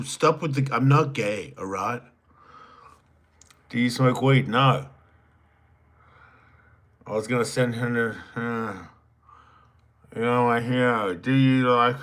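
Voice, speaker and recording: A man's voice: lowish voice, fairly bright tone. A man hosting a solo livestream, reading viewer chats aloud and answering them with crude joking banter that sometimes trails off into mumbles. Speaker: podcast host.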